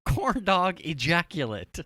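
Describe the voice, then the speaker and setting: Animated bright-voiced storytelling man. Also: fairly high pitch, takes it slowly. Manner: animated, swearing storyteller who acts out quotes. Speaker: podcast co-host. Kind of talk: casual storytelling chat.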